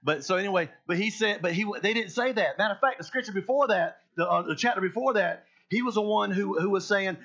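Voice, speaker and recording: Emphatic preaching man, slightly high voice. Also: lively intonation, fast talker, few pauses, muffled recording. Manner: emphatic preaching that swings between hushed and loud. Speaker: pastor. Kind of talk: sermon.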